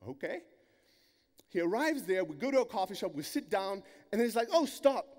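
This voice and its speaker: A high-voiced man with a German accent tells stories from a conference stage with blunt, swearing energy. His voice rings out through a large hall with a long reverb tail. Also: animated, fairly quick, a little mellow. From Greece. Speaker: conference speaker. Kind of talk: keynote storytelling.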